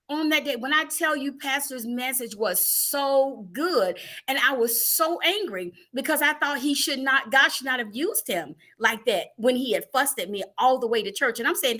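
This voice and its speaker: A middle-aged woman hosting a live online church talk show, telling stories in a lively, animated way. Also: high-pitched, moderate pace. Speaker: ministry host.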